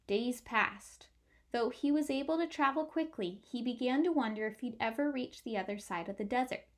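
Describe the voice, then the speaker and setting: A woman reading a picture book aloud with clear, expressive storytelling. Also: fairly high pitch, moderate pace.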